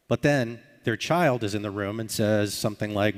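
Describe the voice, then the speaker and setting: Man, low voice, conference speaker, acts out sample dialogues, long hall reverb. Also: fairly quick, hardly any pauses. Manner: explanatory, acts out sample dialogues with filler sounds. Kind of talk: conference talk.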